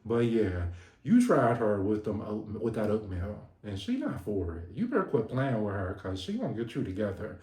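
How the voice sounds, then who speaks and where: A man hosting a casual reality TV recap vlog, animated and sassy, laughing and swearing often. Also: on the low side, normal speed. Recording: echoey room.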